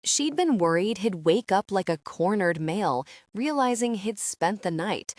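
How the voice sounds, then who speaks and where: A woman narrating a romance audiobook with an expressive, scripted reading. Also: medium pitch, a little slow, no echo, studio quality.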